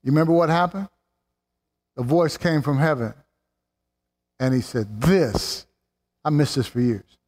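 A man's voice: on the high side, darkish tone. Fervent preacher man in reverberant hall. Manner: fervent, rising to exclamations and slowing for emphasis. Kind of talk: sermon.

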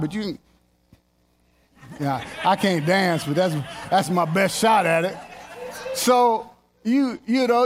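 A man preaching a sermon in an animated, jokey way, repeating lines for emphasis and slipping into playful voices. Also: high-pitched.

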